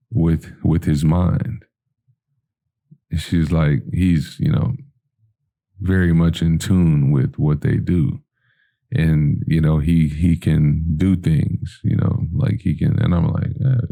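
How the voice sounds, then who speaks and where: A man's voice: extremely low pitch, gravelly, mellow. A man telling a long personal story on a podcast in a rambling, casual way, full of fillers, acting out what people said. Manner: rambling, full of "you know" and "like", acting out quoted dialogue. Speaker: podcast guest.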